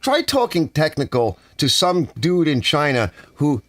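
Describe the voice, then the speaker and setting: Man, from the US, ranting, exasperated, lively swings in pitch, dry studio sound. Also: a little slow, dry recording. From United States. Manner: exasperated, animated complaining with softened swearing. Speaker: channel host. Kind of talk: ranting casual monologue. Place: home garage studio.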